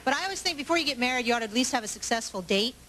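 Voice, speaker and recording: A woman doing a stand-up comedy set on a club stage, chatty and self-mocking, with quick asides to the crowd. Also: on the high side, animated. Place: comedy club stage before a live audience. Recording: live club with loud audience laughter and noise.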